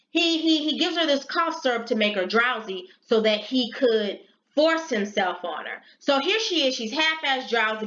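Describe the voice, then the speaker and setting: Blunt, profane woman vlogger in an echoey room. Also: high voice. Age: middle-aged. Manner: blunt and profane, animated retelling. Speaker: vlogger giving advice to sex workers. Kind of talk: casual storytelling commentary. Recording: echoey room, dull lo-fi sound.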